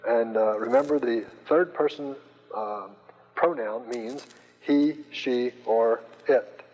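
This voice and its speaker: A man teaching a Greek lesson in a slow, patient lecture style, pausing often with hesitant fillers. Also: mid-range voice, a little mellow. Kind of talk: recorded classroom lecture. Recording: lo-fi recording with long reverb.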